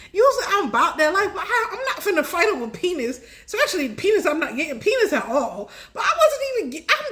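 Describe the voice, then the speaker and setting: A young adult woman telling a personal story in a casual, chatty way, laughing often and rising high when excited.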